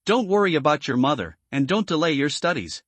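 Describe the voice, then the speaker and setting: A man's voice: a little high, big pitch swings, brisk, fairly bright tone, dry recording. A man voicing the ghost of a grieving mother who pleads anxiously for her son. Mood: pleading.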